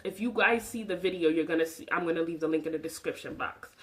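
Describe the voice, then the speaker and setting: A young woman shares her opinions in a passionate vlog, emphatic and preachy, gesturing with her hands as she talks. Her voice is lowish, fast, and a bit bright, and the recording quality is poor.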